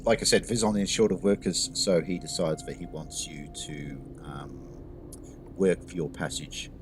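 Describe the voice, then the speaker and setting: A man's voice: a bass voice, normal speed, a little hiss or hum. A man narrating as game master in a tabletop game, rambling with many restarts.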